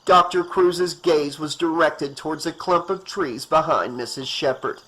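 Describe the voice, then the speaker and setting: A man's voice: on the high side, unhurried, pushed and bright, rough recording. Man narrating a horror audiobook.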